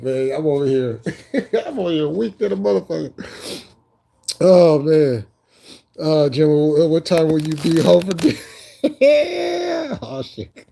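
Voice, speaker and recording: Giggly, mellow-voiced man streaming live. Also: on the high side, gravelly. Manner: laughs constantly, loose and profane banter; repeats phrases, talks to chat viewers by name. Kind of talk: casual live stream chat.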